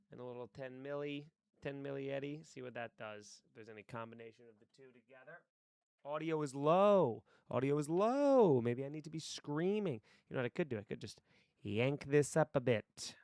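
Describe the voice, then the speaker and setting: A man chats casually on a live stream, rambling from thought to thought and cursing freely. His voice is smooth and clear at a mid pitch, recorded close and dry on a desk mic. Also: no room sound. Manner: rambling, stream-of-consciousness talk, swearing freely. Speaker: streamer and actor. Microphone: desk mic with headphones.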